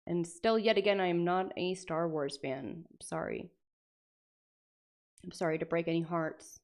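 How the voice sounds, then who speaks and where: A woman's voice: on the low side, a little slow. Chatty woman reading to her stream. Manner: animated, swearing, jokey asides. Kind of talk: casual livestream chat, reading aloud.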